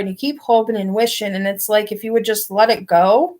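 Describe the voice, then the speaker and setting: Talking briskly in a mid-range, slightly mellow voice, a woman does a relaxed tarot reading from her bed to the camera before her. She rambles, filling her speech with frequent "like"s and other filler words.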